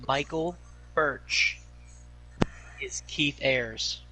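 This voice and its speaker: A man's voice: on the high side, drawn-out words. A man hosting a hall of fame ceremony, introducing inductees and presenters in a plain way. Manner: plain, flat delivery, some repeated words. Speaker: ceremony host. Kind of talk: announcing inductees. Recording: loud noise behind the voice.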